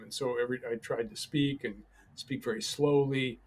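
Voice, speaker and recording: A man, a podcast guest, telling a personal story in a calm, halting way with many pauses and restarts. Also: mid-range voice, a little hiss or hum.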